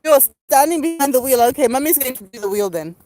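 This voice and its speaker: A woman's voice: high-pitched, expressive, fast talker, dark tone. A woman, a mother, playfully teaching animal words to her small child at home in a sing-song, coaxing way. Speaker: mother and host of a kids' learning video.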